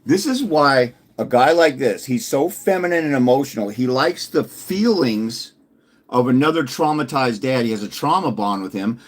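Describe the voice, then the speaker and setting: Husky man ranting combatively. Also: mid-range voice, animated, moderate pace. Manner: combative, mocking, repetitive. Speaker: fathers' rights consultant. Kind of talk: ranting commentary video.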